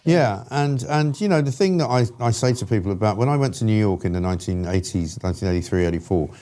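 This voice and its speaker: An older man from London hosting a political talk show, telling anecdotes with his pitch jumping up at the punchlines. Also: quick pace. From London, England. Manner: storytelling, animated with rising pitch on punchlines.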